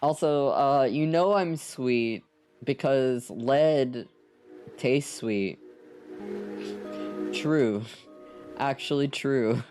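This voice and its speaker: A man's voice: medium pitch, drawn-out words, long pauses, darkish tone, faint music behind. A man chatting casually with his viewers on a live art stream, playful and teasing, swearing freely. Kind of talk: casual live stream chat while drawing.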